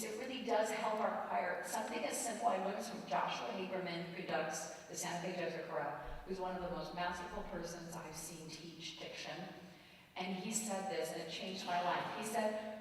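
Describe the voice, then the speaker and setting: A woman's voice: fairly low pitch, moderate pace, distant mic, a little hiss or hum. Woman lecturing in an echoey hall. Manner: lively, joking, animated storytelling. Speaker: choral conducting clinician. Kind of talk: conference workshop lecture. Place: conference hall. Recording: roomy hall, voice from afar.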